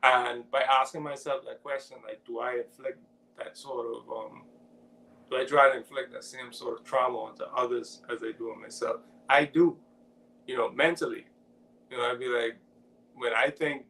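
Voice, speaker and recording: Gravelly, laid-back man with a chuckle. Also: mid-range voice, normal speed, slight background noise, low-quality recording. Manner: relaxed, laughs often, reads out chat comments. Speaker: co-host of a ministry talk. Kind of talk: casual spiritual discussion.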